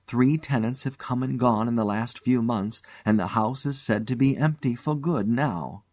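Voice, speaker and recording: A man's voice: medium pitch, moderate pace, a little mellow, no room sound, clean studio sound, close to an everyday voice. A man reading the part of an elderly spinster aunt, eager and strong-willed, in a spoken ghost story. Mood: earnest.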